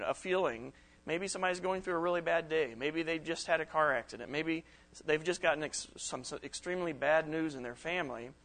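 A middle-aged man gives a sermon to young people at a camp. He keeps it chatty and acts out the texts and comebacks he describes. His voice sits a little high for a man. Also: fairly bright tone. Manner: conversational, acts out quoted texts and reactions. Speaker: preacher.

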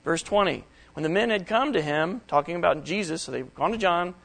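This Bible study sermon comes from a middle-aged man whose slightly high, gravelly voice has a fairly bright tone. Animated and a little fast, he reads scripture aloud and then lays out its meaning simply, though the recording is poor.

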